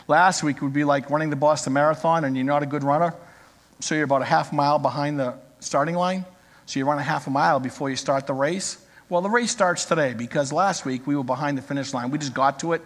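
High-voiced pastor in his 60s. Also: a bit bright. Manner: conversational, joking with the congregation. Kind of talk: sermon. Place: church. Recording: reverberant church hall.

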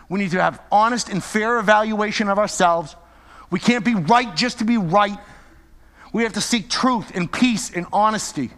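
Impassioned high-voiced male pastor. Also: moderate pace, a bit bright, long reverb tail. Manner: impassioned, repetitive exhortations. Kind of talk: sermon.

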